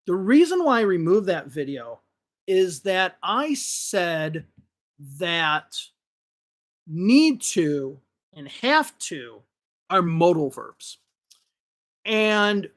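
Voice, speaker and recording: A man's voice: high-pitched, a bit bright. Blunt male English teacher commentating. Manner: blunt and critical, occasional swearing; frequent repeated words and restarts. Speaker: English teacher and channel host. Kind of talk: casual opinion commentary to camera.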